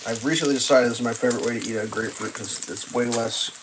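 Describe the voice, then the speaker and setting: A woman hosting a casual livestream, ranting sarcastically and swearing while she cooks, jumping into high mocking voices. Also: steady tone, quick pace, noisy background. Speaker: livestream host. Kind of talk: casual political rant while cooking.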